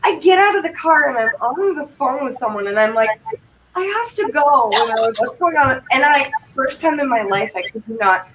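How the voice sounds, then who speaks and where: A woman from Vermont, a livestream guest, telling rambling stories in a chatty, animated way. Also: high voice, moderate pace. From Vermont, United States. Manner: chatty, rambling, breathless anecdotes with quoted asides. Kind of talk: casual chat, animated storytelling. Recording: distant mic, faint background noise.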